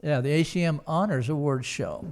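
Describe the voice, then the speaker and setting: An older man tells a story at an easy, rambling pace, full of ums and restarts. His voice sits a bit higher than most men's. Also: normal speed, darkish tone. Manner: rambling anecdotal storytelling with many fillers. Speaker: guest, son of the founders. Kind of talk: storytelling interview.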